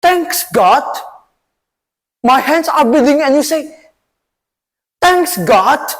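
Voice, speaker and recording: A man's voice: very animated, slow, fairly bright tone, exaggerated voice, poor audio. A boy doing a shrieking, panicky king. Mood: outraged. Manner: shrieking, high-pitched outbursts. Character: furious, whiny, panicking king.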